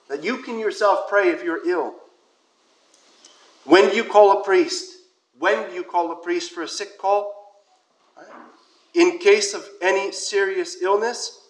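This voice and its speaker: A male priest preaches in a relaxed, storytelling way, sometimes dropping to a soft whisper. His voice sits high for a man. The sound is roomy, as if from inside a church. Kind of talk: sermon with personal anecdote.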